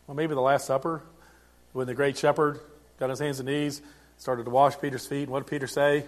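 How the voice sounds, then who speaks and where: A middle-aged man preaching a sermon as pastor, in a conversational way with frequent restarts and swings in loudness. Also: mid-range voice, flat delivery, fairly quick.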